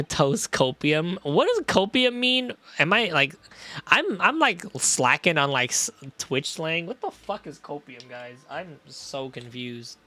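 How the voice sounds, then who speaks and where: Woman game streamer, excitable and profane, wildly lively pitch. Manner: excitable, swears often, reacts loudly. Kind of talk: live game stream commentary.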